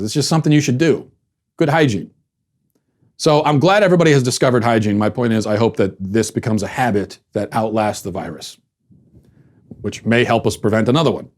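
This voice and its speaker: A man's voice: mid-range voice, darkish tone. A man hosting a commentary podcast, talking in a wry, sarcastic monologue with frequent restarts. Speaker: podcast host.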